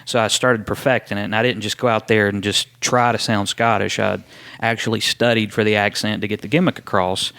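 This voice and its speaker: Low, smooth man. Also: fairly quick, no room sound. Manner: relaxed storyteller with frequent ums and restarts. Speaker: wrestler guest. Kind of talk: casual interview chat.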